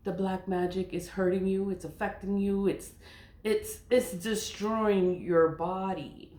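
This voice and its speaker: Animated woman in her forties, echoey room. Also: medium pitch, a little slow. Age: 40s. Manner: animated, laughing, swearing, emphatic. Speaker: spiritual content creator. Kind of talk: casual monologue.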